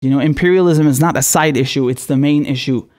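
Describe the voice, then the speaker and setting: High-voiced man ranting with exasperation. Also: quick pace, darkish tone. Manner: profane, exasperated, sarcastic. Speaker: political commentator. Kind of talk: angry ranting commentary.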